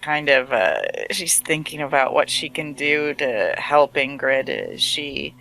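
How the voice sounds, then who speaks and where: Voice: medium pitch, very animated, a little slow, vocal fry, pushed and bright, low-quality recording. Hesitant tabletop game player. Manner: hesitant, many fillers.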